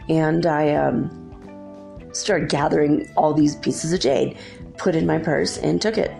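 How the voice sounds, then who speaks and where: A woman's voice: low-pitched, steady tone, unhurried, creaky, warm tone, faint music behind. A middle-aged woman hosting a spiritual talk show, telling a long story in a chatty, casual way, acting out what others said and laughing often. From California. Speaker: podcast host.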